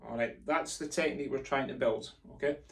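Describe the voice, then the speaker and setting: A man's voice: mid-range voice, a little fast, over loud music. A man teaching pipe band drumming, counting in and chanting sticking patterns in an encouraging, jokey way. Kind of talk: instructional lesson, counting in and calling rudiments. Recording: distant mic with loud drumming behind.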